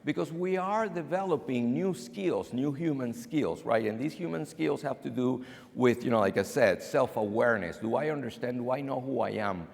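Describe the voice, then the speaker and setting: A gravelly-voiced keynote speaker from outside the US gives a lunch talk in a banquet hall, where a long, echoey reverb trails every line. He's an animated storyteller who acts out all the dialogue in his anecdotes, speaking at medium pitch and normal speed.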